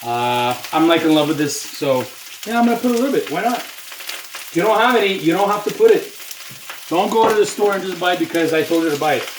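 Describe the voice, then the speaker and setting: A chatty man talks to the camera as he cooks, his fairly high voice a little way off the mic. The kitchen sounds roomy and echoey, with a pan sizzling loudly behind him. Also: lively intonation, brisk, far from the mic, a little hiss or hum. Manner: chatty, talks to the viewer with lots of "you know". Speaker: home cook vlogger. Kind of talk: casual cooking video talk. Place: home kitchen. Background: food sizzling in a pan.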